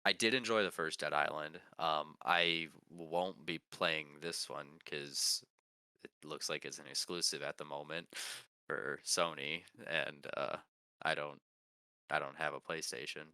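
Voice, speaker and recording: A man's voice: rumbling low, fairly even intonation, measured pace, sharp tone, clean tone, no echo. A man co-hosting a casual podcast chat, rambling and searching for words, laughing now and then. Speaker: podcast co-host.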